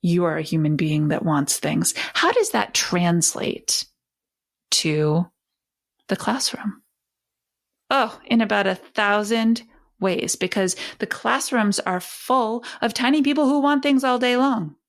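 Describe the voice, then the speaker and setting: A woman parenting educator hosting a talk, speaking expressively and acting out warm back-and-forth with a child as she teaches. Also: medium pitch, takes it slowly. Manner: expressive, emphatic, acts out dialogue with a child.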